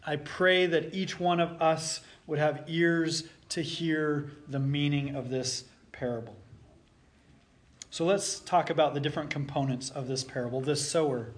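A man preaching a sermon as pastor, earnest and deliberate, with emphatic phrasing. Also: a little high, steady tone.

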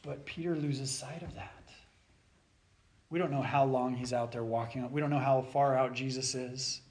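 A man preaching a sermon, swinging between loud urging and soft near-whispered passages. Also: medium pitch, steady tone, moderate pace.

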